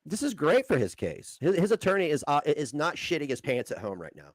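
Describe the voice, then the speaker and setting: A man's voice: fairly high pitch, wildly swooping pitch, fairly quick, dry recording, clean studio sound. Heated, cursing man on a livestream. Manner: heated, profane, lecturing. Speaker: livestream co-host. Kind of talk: casual livestream chat.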